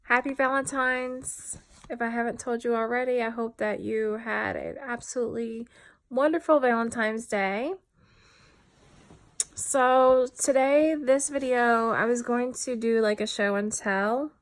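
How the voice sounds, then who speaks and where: A woman's voice: a little high, fairly even intonation, measured pace. A tired woman talking candidly in a personal vlog, reflective and full of fillers. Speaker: vlogger.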